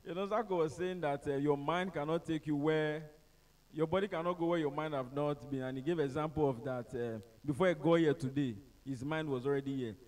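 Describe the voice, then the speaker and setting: A man with a Nigerian accent who speaks as a motivational speaker, telling humorous stories to a live audience in an animated, joking manner. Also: a little high, fairly quick, distant mic. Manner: animated, joking, acts out the people in his stories.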